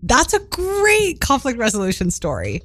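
Young woman telling a lively story. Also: on the high side, moderate pace, no room sound, clean studio sound. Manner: animated, laughs often, acts out quotes. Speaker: podcast co-host. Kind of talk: casual chat, storytelling.

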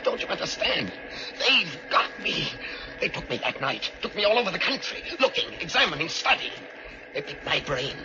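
An actor playing a terrified captured professor who pleads frantically for help, in an old-time radio drama. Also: male voice, high voice, sing-song, normal speed. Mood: desperate. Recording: muffled old radio recording with noise.

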